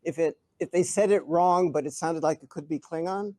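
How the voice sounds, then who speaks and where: Brief: older male guest speaker, slightly high voice, dry close sound, animated chuckling anecdotes. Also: moderate pace, no room sound. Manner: animated, chuckling storyteller with frequent restarts. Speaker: guest speaker answering audience questions. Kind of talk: live Q&A anecdote telling. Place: event hall before an audience.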